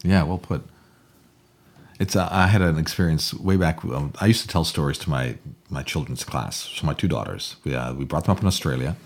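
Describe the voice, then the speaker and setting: A middle-aged man telling a story in casual chat, playful and animated, slipping into voices for the people in it. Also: brisk. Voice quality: husky, animated with wide swings in pitch. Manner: playful, acts out voices in his anecdotes. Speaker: storyteller, podcast guest.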